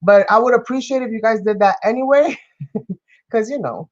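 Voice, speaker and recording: Here the New Yorker running the craft live-stream speaks at a medium pitch and moderate pace, though the recording sounds muffled. She stays effusive throughout, calling out viewers by name to welcome and thank them while crafting and chatting.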